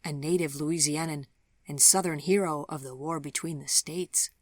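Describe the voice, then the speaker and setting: A kindly man in a storybook who speaks softly and calmly, with formal phrasing and a low, hushed voice, as a woman narrator voices him. The voice is close and dry, with no room around it. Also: normal speed, dry recording. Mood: gentle calm. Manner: quiet, calm, formal. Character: gentle, soft-spoken kindly man.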